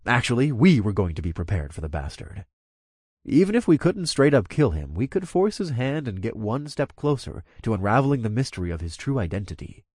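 Expressive male audiobook narrator. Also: medium pitch, fairly quick, breathy edge, no room sound, studio quality. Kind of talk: first-person fiction narration.

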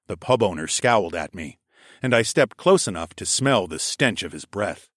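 A man narrating a first-person story in a wry tone, dropping to a hush on the narration tags. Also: sits low, lively intonation, moderate pace, dry recording, studio quality. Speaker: audiobook narrator.

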